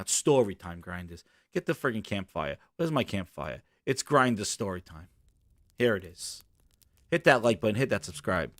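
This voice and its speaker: A man hosting a gaming talk show, ranting loudly and profanely and acting out little scenes in his own voice. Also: medium pitch, no echo, studio quality. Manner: loud, ranting, profane, acts out bits. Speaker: host. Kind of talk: animated solo gaming commentary.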